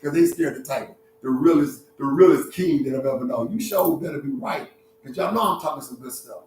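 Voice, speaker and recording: A man in a lively, preachy livestream talk, speaking as a relationship counselor and leaning on street slang. His voice sits a little high for a man and sounds distant from the mic. The room is very echoey, with a faint hum underneath. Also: a little fast.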